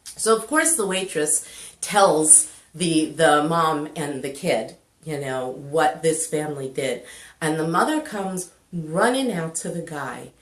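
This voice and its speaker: A woman who works as a spiritual coach tells a touching story in an unhurried, heartfelt way. Her voice sits a little low, and she takes on the voices of the people in the tale. The sound carries a clear echo, as if recorded in a bare room. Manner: animated, quotes characters in voices, tearful at moments. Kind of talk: emotional storytelling.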